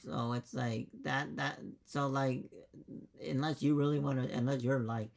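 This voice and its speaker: Man, gravelly, dungeon master, rambling and emphatic, swears freely. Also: mid-range voice, steady tone, measured pace. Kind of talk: casual post-game chat.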